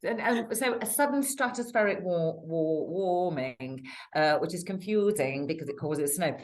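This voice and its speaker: A British woman chatting casually about the weather, with a lower voice that swings widely in pitch. She rambles from one point to the next and breaks into laughter often. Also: lively intonation, a little slow. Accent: British English. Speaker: weather show co-host.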